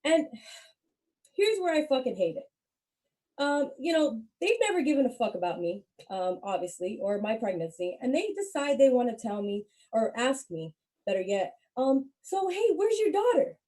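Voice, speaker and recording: High-pitched woman, stand-up comedian, brash and animated, constant swearing. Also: moderate pace. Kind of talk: profane stand-up storytelling.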